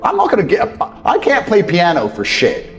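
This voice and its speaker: With huge pitch swings in a high voice, an English motivational speaker rants bluntly at a moderate pace. He's profane and scornful, imitating others in mocking put-on voices, with faint music in the background.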